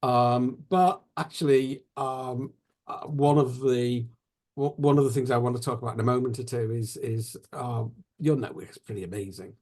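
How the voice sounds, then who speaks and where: A man's voice: mid-range voice, fairly even intonation, moderate pace, darkish tone. A man hosting a conversational interview, rambling and searching for his words as he asks questions. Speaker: host.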